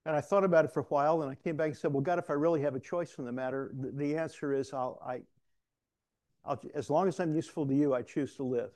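A man's voice: a little high, fairly even intonation, fast talker, darkish tone. Candid man telling his story. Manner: candid storytelling with self-deprecating humor. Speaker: preacher. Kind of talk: testimony sermon. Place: room with an audience.

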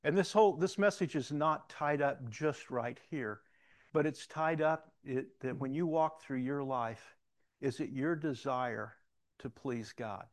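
A middle-aged man preaching a sermon, telling personal stories and moving between loud emphatic questions and quiet reflective moments. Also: medium pitch, measured pace. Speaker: pastor.

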